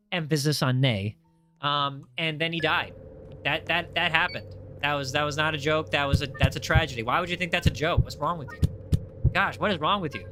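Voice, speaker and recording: A young man hosting a casual game livestream, reading chat aloud in an excitable, jokey way with frequent restarts. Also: a little high, moderate pace. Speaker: livestream host.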